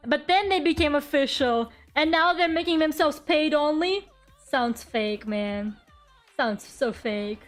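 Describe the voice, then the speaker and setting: A high, expressive voice, a little slow, carries over soft music as a woman streamer rambles casually from her room at home. She talks to her viewers and swears every so often in this live-stream chat.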